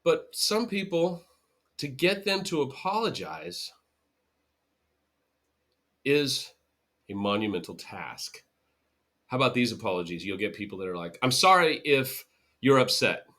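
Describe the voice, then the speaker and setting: A middle-aged man hosting his own podcast, talking straight to listeners in an animated way. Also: on the low side, unhurried, pauses often. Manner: animated, mocks bad apologies in sarcastic voices. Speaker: podcast host. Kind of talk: solo podcast talk.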